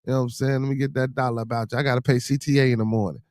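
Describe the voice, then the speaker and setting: A man hosts a casual livestream. He talks at a middling pitch and keeps pleading with chat for support and shouting out his regulars. The sound is close and dry, with no room around it. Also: very fast, dry recording. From Chicago area. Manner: animated, begs chat for super chats and shouts out supporters. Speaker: livestream podcast host.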